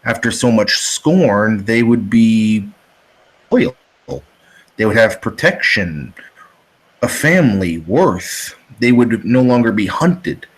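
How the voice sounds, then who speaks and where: A man voicing a solemn vampire aristocrat in a tabletop game, formal and measured, slow and deliberate, lowish voice. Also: expressive, husky, heavily acted, rough recording. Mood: disappointed, grave. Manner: formal, measured, old-fashioned phrasing. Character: grave, disillusioned male vampire neonate. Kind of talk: tabletop role-play in character.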